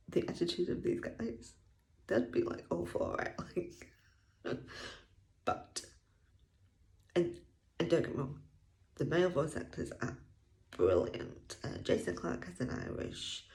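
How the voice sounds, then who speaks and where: This woman has a lowish, darkish voice with vocal fry. She's a book reviewer doing a casual audiobook review vlog, chatty and enthusiastic, laughing a lot and sometimes dropping almost to a whisper.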